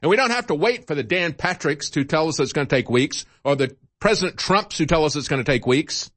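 A man's voice: a little high, expressive, brisk, fairly bright tone, no room sound. Indignant older man ranting on air. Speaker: talk show host. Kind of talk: political talk monologue.

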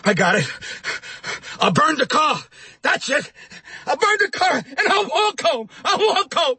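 A man playing a panicky, germ-terrified New Yorker in a comedy parody, rambling and swinging between panic and self-calming. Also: very high voice, a little slow, no echo, full character voice. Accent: New York.

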